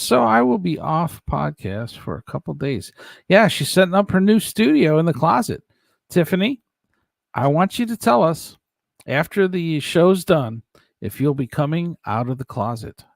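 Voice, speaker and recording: Man, host, from Ohio, jokey casual chat, fairly high, gravelly, very animated pitch, dry. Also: moderate pace, no echo. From Ohio, USA. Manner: jokey, laughs often, animated. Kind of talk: casual livestream chat, reading viewer comments.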